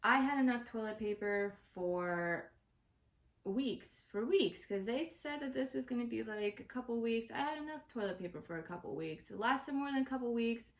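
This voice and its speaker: A woman's voice: on the high side, lively intonation, normal speed. A woman hosting her own show, delivering an exasperated, profane comedic rant to the camera. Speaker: host. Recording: roomy echo.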